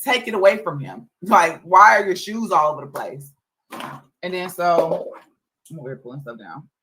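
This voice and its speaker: A woman's voice: fairly low pitch, normal speed, bright, forceful tone, a little hiss or hum, poor audio. A woman streaming live as a mother, venting casually about her kids and chores. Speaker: livestreamer mother. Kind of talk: casual livestream chat.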